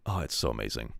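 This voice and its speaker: A man's voice: rumbling low, gravelly, darkish tone, slightly rough, no room sound. Guy streaming, bouncy up and down voice, dry close sound. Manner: laid-back and joking, reads out chat. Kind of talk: casual stream chat.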